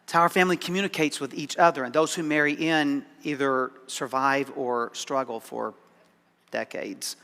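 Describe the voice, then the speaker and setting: A man's voice: mid-range voice, fairly even intonation, normal speed, gravelly, bright, forceful tone, long reverb tail. A man preaching a sermon as pastor, conversational and dryly sarcastic, often repeating words as he starts a thought. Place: church sanctuary.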